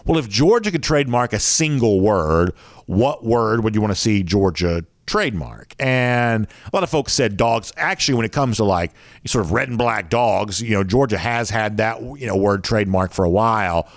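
A Southern man with a fairly low voice hosts a sports show in loose, chatty fashion. He rambles and pads his talk with fillers. The sound is dry and close. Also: expressive, moderate pace, no room sound. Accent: Southern American.

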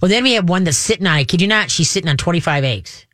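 A woman's voice: lowish voice, expressive, quick pace, fairly bright tone, no room sound, clean studio sound. A middle-aged woman hosting a call-in radio show, talking in a folksy, chatty way with plenty of fillers. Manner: folksy and chatty, with lots of fillers and homey sound effects. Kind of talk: casual call-in radio talk.

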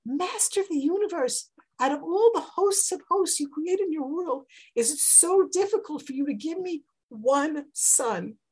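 A woman's voice: high voice, animated, a little slow, a little mellow, pitched above the performer's own voice. A woman voicing a childless ancient woman begging God for a son, in an earnest, imploring tone.

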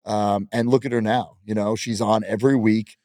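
A man's voice: fairly low pitch, steady tone, normal speed, a little mellow, no echo, clean studio sound. A man in his thirties, a professional wrestler, chatting in an interview in a brash, boastful way and laughing often. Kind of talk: casual interview chat.

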